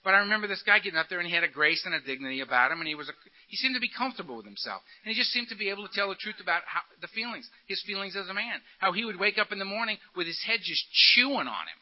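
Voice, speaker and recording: A man telling his recovery story to a meeting, animated and full of acted-out quotes and laughter. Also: high voice, very fast, dull audio. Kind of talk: storytelling talk to an audience.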